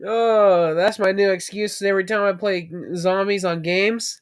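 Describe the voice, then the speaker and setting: A woman's voice: medium pitch, steady tone, measured pace, few pauses, clean tone, dry recording, studio quality. A young woman giving casual reaction commentary, swearing a lot and laughing between surprised exclamations. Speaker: reaction video creator.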